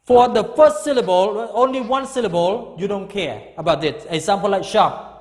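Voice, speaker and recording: A man in his fifties teaching an English grammar lesson, speaking slowly and emphatically and repeating key words. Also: high voice, a little mellow, big-room sound.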